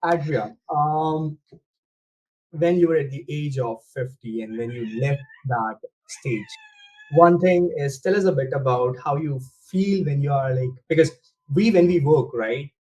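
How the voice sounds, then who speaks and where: A man hosts a podcast interview, his voice sitting a little higher than most men's. He asks his questions haltingly, full of fillers, and nudges his guest along with short murmurs of agreement. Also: wildly swooping pitch, darkish tone, low-quality recording. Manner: halting, fillers, encouraging backchannels. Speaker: podcast host.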